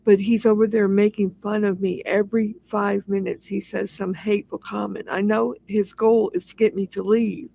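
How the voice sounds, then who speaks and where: A woman's voice: mid-range voice, little pitch movement, moderate pace, vocal fry, few pauses, mellow, dry recording. A woman hosting a casual livestream, talking in an aggrieved, repetitive rant. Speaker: livestream host.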